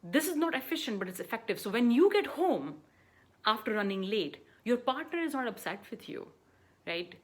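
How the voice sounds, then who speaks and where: A woman's voice: on the high side, sing-song, normal speed. Earnest woman coaching, asking "right?" often. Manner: earnest, repeats "right?" and "you know" often; stumbles and restarts mid-phrase. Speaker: life coach. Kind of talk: motivational talk.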